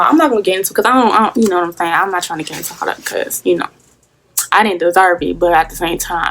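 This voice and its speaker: A woman's voice: medium pitch, creaky. A young adult woman telling a casual story in a rambling, profane way, full of fillers. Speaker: vlogger.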